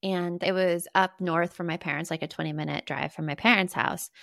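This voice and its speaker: A middle-aged woman co-hosting a podcast, telling lively family stories and acting out the voices of the people in them. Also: on the low side, a little fast, vocal fry, no echo, studio quality. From Arizona, US. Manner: animated storyteller, acts out quotes. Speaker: podcast co-host. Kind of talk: casual chat.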